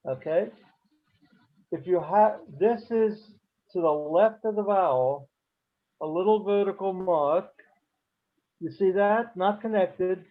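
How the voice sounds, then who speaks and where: A man's voice: a little high, muffled recording. A man teaching a beginners' Hebrew class online, explaining patiently with frequent fillers.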